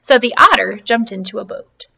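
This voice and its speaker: A woman teacher reading a storybook aloud to her class, animated and encouraging. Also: a little high, normal speed, vocal fry, husky.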